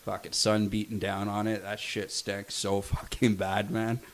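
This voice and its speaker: A man's voice: fairly low pitch, level tone, measured pace, a little hiss or hum. A man on a podcast telling a crude story in casual chat, swearing often.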